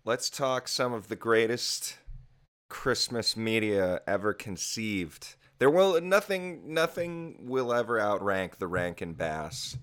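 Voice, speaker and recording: A man's voice: on the low side, lively intonation, takes it slowly, fairly bright tone. A man co-hosting a podcast, making wry jokes in casual chat. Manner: joking, wry. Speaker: podcast co-host.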